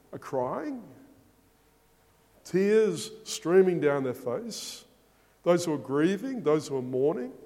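A man's voice: fairly high pitch, a little mellow. A man preaching a sermon, speaking emphatically and asking rhetorical questions. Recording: long hall reverb.

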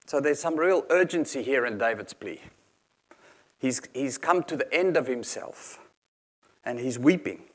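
A man's voice: medium pitch, animated, a little slow, pauses often. A man preaching a sermon in an earnest, explanatory manner, reading scripture aloud and unpacking each verse.

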